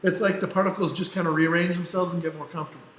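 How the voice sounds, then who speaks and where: Male teacher, slightly high voice, casual classroom lecture, step-by-step explaining, echoey room. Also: fairly even intonation, very fast, a bit bright. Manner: explains step by step, checks in with "right?"; casual, self-deprecating asides. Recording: echoey room, faint background noise.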